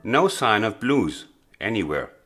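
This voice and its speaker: A man teaching a blues piano lesson, explaining earnestly and with emphasis, pausing with small hesitations. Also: on the low side, very animated. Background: faint piano playing.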